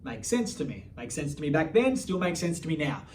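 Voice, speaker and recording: A man's voice: on the high side, very animated, brisk, darkish tone. A man, a coach telling a personal story in a blunt, swearing manner with many restarts. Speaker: life coach. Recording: distant mic, faint background noise.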